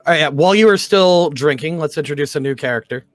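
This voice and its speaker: A man's voice: fairly high pitch, fast, no echo. A man running a tabletop game as dungeon master, narrating with a playful, laughing manner.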